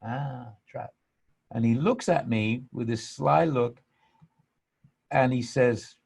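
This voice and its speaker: An English man hosting a podcast, telling a spiritual story earnestly and emphatically. He swings from hushed to animated. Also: mid-range voice, slow pace, vocal fry, pauses often, slightly rough. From England. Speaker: podcast host.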